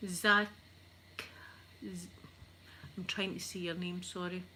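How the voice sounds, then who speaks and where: A Scottish woman making a casual, soft-spoken ASMR chat video at home while ironing, rambling and poking fun at herself. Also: fairly low pitch, level tone, slow pace, a little hiss or hum. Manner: chatty, rambling, self-deprecating. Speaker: ASMR YouTuber.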